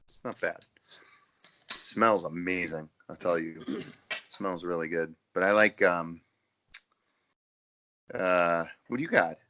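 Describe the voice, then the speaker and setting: A man co-hosting a podcast, chatting casually over drinks in an animated, rambling way with lots of fillers and restarts. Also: sits low, takes it slowly, long pauses, a little hiss or hum. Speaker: podcast co-host.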